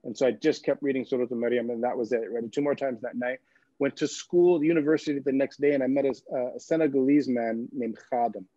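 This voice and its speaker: A man's voice: medium pitch, fairly even intonation, quick pace, mellow, no room sound. A man from California, a guest telling a personal story with humor, laughing often and repeating words as he goes. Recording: dull, dry lo-fi sound.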